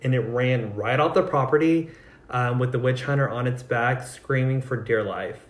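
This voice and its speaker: A man co-hosting a spooky podcast tells a ghost story in a casual, chatty way, swearing freely and acting out the quotes. His voice is of middle pitch and rings in an echoey room. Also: normal speed. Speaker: podcast co-host.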